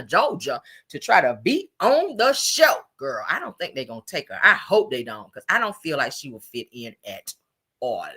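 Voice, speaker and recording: A woman hosting a gossip show, talking in a sassy, animated casual way, full of "honey" and "child". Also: mid-range voice. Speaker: host.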